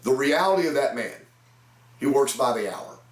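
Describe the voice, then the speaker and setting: A man's voice: mid-range voice, animated, moderate pace, distant mic. A man in his fifties, a sales trainer, telling folksy anecdotes about selling cars, talking to camera. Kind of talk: storytelling talk to camera. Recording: echoey room.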